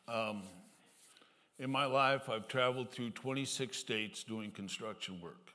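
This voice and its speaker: A man filling in for the pastor, telling a joke to the congregation in a halting, folksy way with many fillers. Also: medium pitch, lively intonation, pushed and bright, slight background noise. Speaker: lay speaker filling in for the pastor. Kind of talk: casual church talk, telling a joke. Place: church sanctuary. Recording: long reverb from a church hall.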